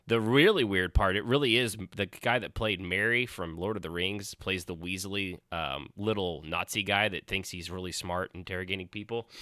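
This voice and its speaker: A man's voice: lowish voice, sharp tone, no echo, studio quality. A man hosting a podcast in casual chat, rambling and swearing freely. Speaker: podcast host.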